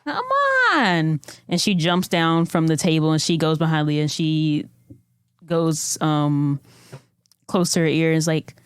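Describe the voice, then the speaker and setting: A woman playing a tabletop role-playing game, drawing out her lines playfully and jumping high when she speaks in character. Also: little pitch movement, a little mellow, smooth, no room sound, studio quality. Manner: playful, slow, drawn-out character voice with high squeaky lifts. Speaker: player.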